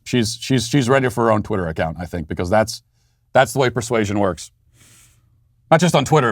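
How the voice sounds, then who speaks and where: A man's voice: medium pitch, no echo, studio quality. A man hosting a political commentary show, talking in a sardonic, conversational way with frequent restarts. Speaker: show host.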